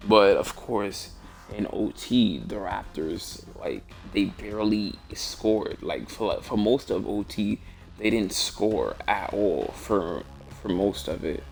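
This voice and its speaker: Tired, gravelly-voiced young man talking sports. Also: on the low side, animated, takes it slowly, a little mellow, soft background music. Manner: rambling, many restarts and fillers. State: tired, yawning. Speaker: host. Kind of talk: casual sports talk stream.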